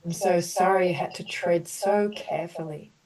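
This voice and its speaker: A woman leading an online group healing session, slowly offering soothing apologies and then explaining in a loose, chatty way. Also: fairly low pitch, fairly even intonation, a little mellow, far from the mic, poor audio. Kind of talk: guided emotional healing session.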